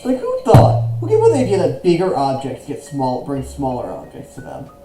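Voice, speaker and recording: A young man co-hosting a casual podcast chat, playful and argumentative, stammering when excited. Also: mid-range voice, brisk, reverberant, loud music behind the voice, rough recording. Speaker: podcast co-host.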